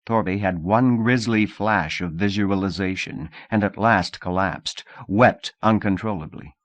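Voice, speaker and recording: A man narrating an audiobook with a steady, measured reading. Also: sits low, dry recording, lo-fi sound. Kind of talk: scripted narration.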